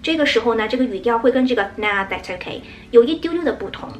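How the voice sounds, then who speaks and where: A woman English teacher explaining English phrases in a brisk, explanatory way and acting out example lines. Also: a little high, expressive. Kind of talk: explaining English usage in Mandarin.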